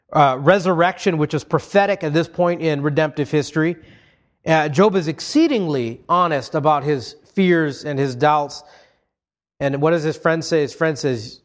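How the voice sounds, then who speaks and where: Male pastor, slightly high voice, earnest conversational sermon delivery. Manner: earnest, conversational, reads scripture aloud then paraphrases. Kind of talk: expository sermon.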